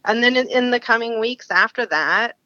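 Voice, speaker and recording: A woman's voice: a little high, normal speed, pushed and bright, no room sound, dull audio. A woman from Alaska, a podcast guest, frankly telling a personal story in an interview and laughing through hard memories.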